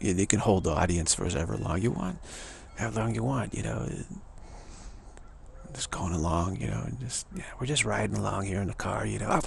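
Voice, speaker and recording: Man, heavy vocal fry, fairly low voice, casual rambling talk, faint background hiss. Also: brisk. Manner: loose, repetitive, drum-like scatting and asides. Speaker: speaker addressing an audience.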